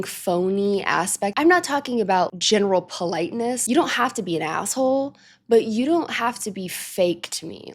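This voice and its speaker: A woman hosts a music reaction in a loose, casual chat. She talks animatedly, laughs often, and sometimes slips into soft baby talk. Her voice sits at an ordinary middle pitch.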